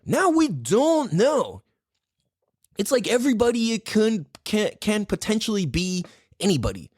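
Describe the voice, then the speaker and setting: A man hosting a podcast, ranting casually with a profane, rambling, animated delivery. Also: high voice, a little slow, slightly rough, no echo, studio quality. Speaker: podcast host.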